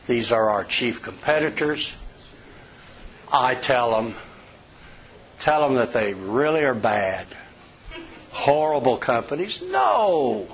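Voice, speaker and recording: A man's voice: mid-range voice, slow pace, pauses often, a bit bright, a little hiss or hum. A middle-aged man preaching a sermon, a folksy storyteller who tells personal anecdotes. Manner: folksy storyteller, acts out quoted voices. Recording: slightly dull lo-fi sound.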